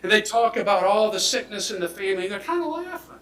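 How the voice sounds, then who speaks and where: A man delivers a prosecutor's closing argument, speaking emphatically and swinging between loud declarations and hushed near-whispers. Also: high voice, big pitch swings, fast. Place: courtroom. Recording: echoey courtroom audio from far off.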